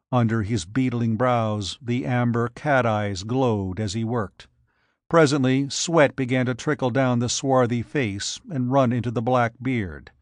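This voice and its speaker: A man narrating an adventure story in a measured, even reading. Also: mid-range voice, no echo, clean studio sound. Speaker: audiobook narrator.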